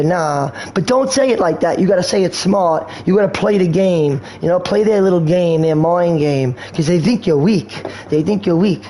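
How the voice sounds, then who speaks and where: Slangy high-voiced male streamer. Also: moderate pace, warm tone. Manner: slangy, rambling, erratic. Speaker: game streamer. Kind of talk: rambling casual stream talk.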